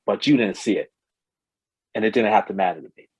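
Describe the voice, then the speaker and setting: A man speaking on a discussion panel, reflective and steady as he recalls his experiences. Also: on the low side, a little fast, slightly rough, no room sound, rough recording.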